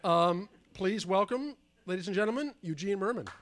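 A man hosting a live radio show, giving a measured, scripted introduction on stage. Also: high voice, lively intonation, crowd noise, background noise. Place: live performance space on stage.

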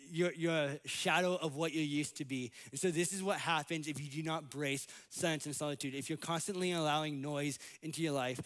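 A man's voice: a little high, fairly bright tone. A man in his late twenties preaching a conversational sermon in church, with self-deprecating humor and frequent restarts. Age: 20s. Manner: frequent restarts and repeated words.

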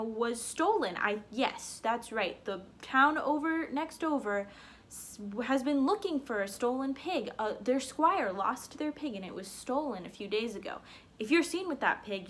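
A woman's voice: high voice, fairly bright tone. A woman voicing a sly young man who stammers as he spins a scheme in a folktale.

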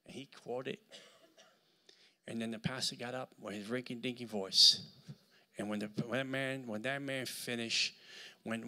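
As guest preacher at a church service, a man with a Puerto Rican accent and a mid-range voice tells stories animatedly, building up to loud preaching.

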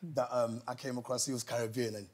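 A man from the Congo telling a lively story as a chat-show guest, laughing as he goes. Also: medium pitch, fast. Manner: animated storytelling, laughing often. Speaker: comedian guest.

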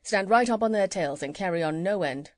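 A woman voicing a gentle, kindly male country doctor who chats fondly, in a lowered voice. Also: lively intonation, a little fast, no echo, clean studio sound, close to an everyday voice. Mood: fond, chatty.

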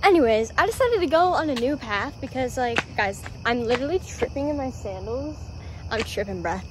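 Teen girl vlogging on a handheld cam, kinda high voice, rambly and giggly, faint background hum. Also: expressive, brisk. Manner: giggly, rambling, lots of fillers. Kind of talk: casual vlog chat. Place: home at night, then outdoors on a walk.

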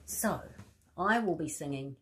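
A woman reading a bedtime story to children, animated and asking the listener questions. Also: low-pitched, unhurried, slight background noise.

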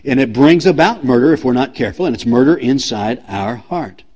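A man's voice: medium pitch, animated, fairly quick, a little mellow, slightly rough. A man preaching a sermon as pastor, emphatic and repetitive, asking the congregation direct questions. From United States.

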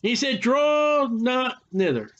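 A man teaching a Bible study as a sermon, animated, sarcastic and preachy, from the United States. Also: extremely high pitch, takes it slowly. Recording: muffled lo-fi recording.

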